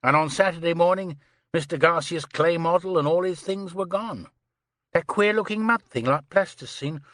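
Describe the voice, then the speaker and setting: A man reading the part of a calm, courteous police inspector who asks measured, pleasant questions. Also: a little high, dry recording, voice pushed up, close to an everyday voice. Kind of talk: audiobook character reading.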